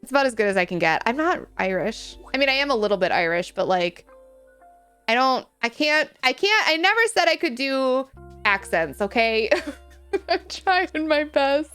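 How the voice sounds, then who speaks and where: A chatty young woman talks through her game in a slightly high voice, joking at her own expense and giggling between thoughts. Soft game music runs quietly underneath her. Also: very animated, moderate pace, clear, resonant tone. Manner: chatty, self-deprecating, giggly. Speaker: streamer. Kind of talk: casual gameplay chat.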